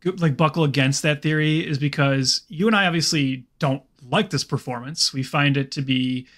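Rambling male podcast co-host, slightly high. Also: moderate pace, a bit bright. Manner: rambling, filler-heavy, lots of "like". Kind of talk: casual film-review chat.

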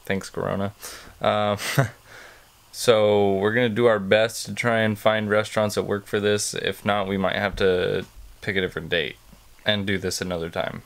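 A man's voice: lowish voice, flat delivery, normal speed, vocal fry. A young man talking casually to the camera as a vlogger, rambling a little and chuckling between phrases. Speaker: vlogger on a date with his wife. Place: at home.

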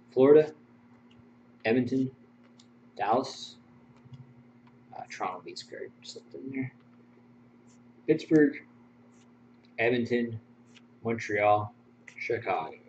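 A man's voice: mid-range voice, a little mellow. Man rattling off hockey card pulls. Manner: rattles off card names and numbers, chuckling between. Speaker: card break host. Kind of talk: live-streamed card opening. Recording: muffled stream audio with faint hum.

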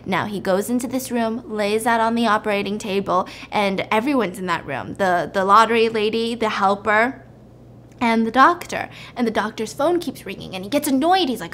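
A woman with a high, bright voice retells a movie plot in a loose, chatty way. She acts out each line of dialogue and keeps checking in with her listener. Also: a little fast, slight background noise. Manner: animated, chatty, acts out quotes. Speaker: host. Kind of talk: casual storytelling of a movie plot.

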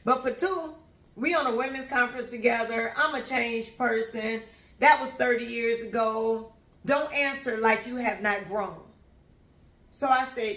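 A woman spins a personal story in a relaxed, chatty way, talking right to her listeners. Her voice sits a bit high, and the recording carries a noticeable room echo. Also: unhurried. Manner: animated, conversational, addresses listeners as y'all. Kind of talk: casual storytelling to an audience.

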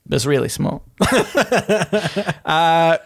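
A man's voice: fairly high pitch, very slow, gravelly, clean tone. A man hosting a podcast, reading a list aloud and laughing often in casual comedic chat. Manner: giggly, reads out a list, laughs a lot. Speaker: podcast host.

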